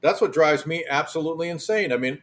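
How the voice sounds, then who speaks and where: A man's voice: on the high side, fast talker, a bit bright. A man on a talk-show panel, indignant and argumentative as he rambles through his point. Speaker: regular panelist. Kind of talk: casual talk show banter.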